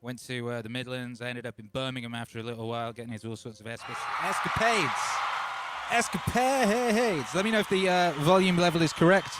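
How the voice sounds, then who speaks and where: An Englishman in his forties hosts a casual livestream from his home studio, excitable and rambling, his mic running through a DJ mixer over a faint music bed. His mid-range voice moves very fast with barely any pauses.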